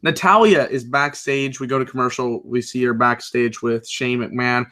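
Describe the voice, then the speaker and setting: Young man, bright forceful voice, wrestling show review, chatty and rambling, filler-heavy. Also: medium pitch, fairly even intonation, moderate pace. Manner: loose, rambling, many fillers, reads live chat aloud. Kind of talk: casual recap and commentary.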